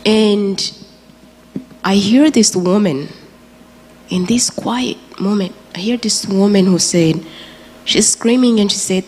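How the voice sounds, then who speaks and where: A woman's voice: medium pitch, slow, long pauses, a little mellow, husky. Woman giving a church testimony. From Rwanda. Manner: earnest, emotional storytelling. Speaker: guest speaker. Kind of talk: personal testimony in a sermon. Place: large church auditorium. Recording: reverberant church hall, faint ambience.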